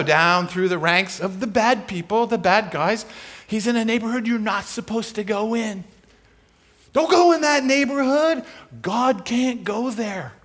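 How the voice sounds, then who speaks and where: A man preaching a sermon as a guest speaker, telling a story in a conversational, humorous way and acting out characters in quick asides. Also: very high-pitched, animated, a bit bright.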